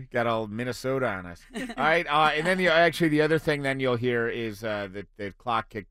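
A man's voice: mid-range voice, lively intonation, normal speed, a bit bright, slight background noise. A man hosting a radio show, explaining the game rules and teasing his co-hosts with frequent laughter. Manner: playful, laughing, teasing host. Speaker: radio host. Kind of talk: casual radio chat.

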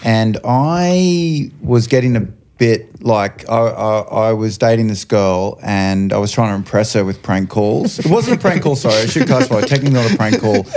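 A man's voice: on the low side, animated, moderate pace, few pauses, darkish tone, a little hiss or hum. A man in his forties, a comedian guest telling a rambling story and laughing often in casual podcast chat. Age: 40s.

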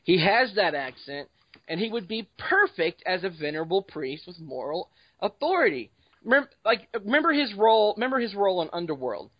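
A man's voice: high-pitched, sing-song, brisk, no echo, muffled recording. A man hosting a casual podcast. He jokes and talks informally as he leads the discussion. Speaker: podcast host.

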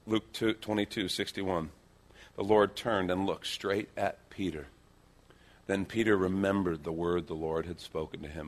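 A middle-aged male pastor preaching a sermon, telling stories with lively changes between loud acted-out lines and hushed quiet moments. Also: fairly low pitch, normal speed. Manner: animated storytelling, acting out quoted lines, dropping to hushed tones.

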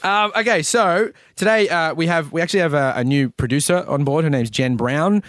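A man's voice: on the high side, a little fast, a bit bright, dry recording. A man co-hosting a casual comedy podcast in a studio, chatty, laughing often and trailing off mid-sentence. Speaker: podcast co-host.

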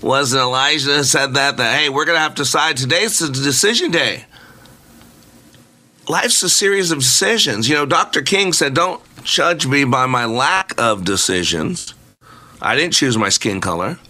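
A man's voice: medium pitch, lively intonation, normal speed, sharp tone. A middle-aged man hosting a motivational radio show, speaking in an emphatic, preacherly way with jokey asides.

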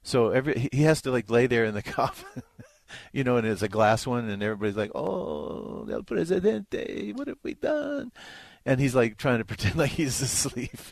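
A man co-hosting a radio movie show in casual chat, retelling film plots in a playful, animated way. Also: mid-range voice, fast talker, no room sound.

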